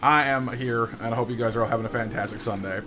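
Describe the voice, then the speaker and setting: A man's voice: mid-range voice, steady tone, quick pace, pushed and bright, a little hiss or hum. A man streaming a game live, telling a rambling story and greeting his chat with lots of stammered restarts. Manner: chatty storyteller, repeats words when starting sentences.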